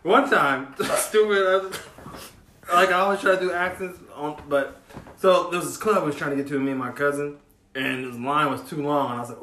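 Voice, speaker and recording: A man co-hosting a comedy show, telling stories in a lively, animated way during casual banter. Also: on the high side, moderate pace, roomy sound, a little hiss or hum. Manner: animated storyteller who laughs through his stories.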